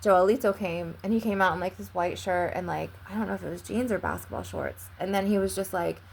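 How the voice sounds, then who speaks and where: A young woman vlogger telling a long personal story in a casual, rambling way, filling it with "like" and frequent swearing. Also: mid-range voice.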